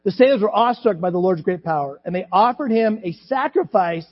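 A middle-aged male pastor preaching a sermon, animated, acting out voices from the scripture story. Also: high-pitched, fairly quick, breathy edge. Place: church sanctuary. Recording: dull church recording with long reverb.

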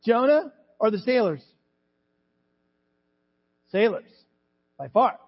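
A middle-aged male pastor preaching a sermon, animated, acting out voices from the scripture story. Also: high-pitched, slow, breathy edge. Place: church sanctuary. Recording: dull church recording with long reverb.

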